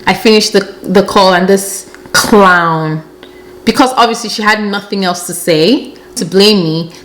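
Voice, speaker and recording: A woman's voice: medium pitch, measured pace, slight background noise. Exasperated young woman telling a storytime. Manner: animated, exasperated retelling with slang. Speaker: storytelling vlogger. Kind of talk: casual storytime monologue.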